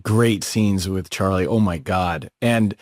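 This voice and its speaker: A man telling a story in easy conversation, bouncing between his own voice and quick impressions of the people in it. The sound is dry and close, with no room around it. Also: low-pitched, no echo. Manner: lively storyteller acting out other people's lines. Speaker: podcast co-host. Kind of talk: casual anecdote telling.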